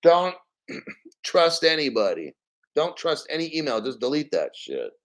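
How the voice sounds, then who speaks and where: A man's voice: fairly high pitch, wildly swooping pitch, measured pace, rough recording. A man hosting a casual crypto stream, rambling bluntly and swearing freely. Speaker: crypto show host. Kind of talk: casual live-stream rant.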